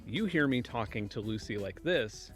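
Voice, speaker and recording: A man's voice: mid-range voice, lively intonation, normal speed, a bit bright, soft background music. Man narrating a science video. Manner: explanatory, playfully dramatic. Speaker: video creator.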